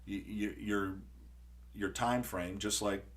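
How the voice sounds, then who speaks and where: A man hosting a podcast in casual conversation, who tells stories with lively acted-out quotes and frequent restarts. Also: lowish voice, takes it slowly. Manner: animated storyteller acting out quotes. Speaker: podcast host.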